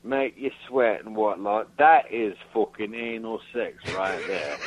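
A man's voice: fairly low pitch, unhurried, hardly any pauses, slight background noise. A man with an English accent leaving a rambling, crude voicemail, half-singing a song. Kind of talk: voicemail message. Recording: dull lo-fi phone message.

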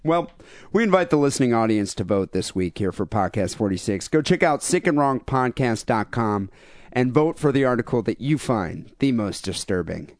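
A man's voice: mid-range voice, expressive, moderate pace, no room sound, studio quality. A man co-hosting a podcast in casual chat, rambling and often repeating his words. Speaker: podcast co-host.

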